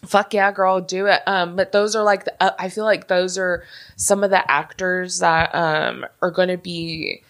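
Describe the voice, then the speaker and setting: A woman's voice: on the low side, flat delivery, a little slow, fairly bright tone. A young woman co-hosting a podcast, chatting casually in a rambling, giggly way and swearing freely. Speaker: podcast co-host. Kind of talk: casual chat.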